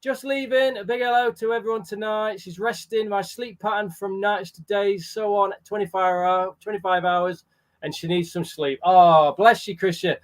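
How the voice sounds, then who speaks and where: A man's voice: sits high, steady tone, moderate pace. A man hosting a charity livestream in a casual, chatty way, greeting viewers by name. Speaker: livestream host.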